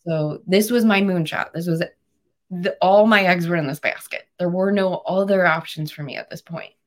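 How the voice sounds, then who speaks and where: A woman's voice: fairly low pitch, normal speed. A woman in her thirties, a podcast guest, telling a personal story in an earnest, emotional way. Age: 30s. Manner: emotional, earnest, animated retelling.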